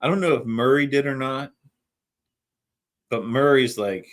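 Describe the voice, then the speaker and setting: A man's voice: mid-range voice, a little slow. A middle-aged man, a paramedic co-hosting a podcast, telling a story in a laid-back, casual way and swearing freely. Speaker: podcast co-host.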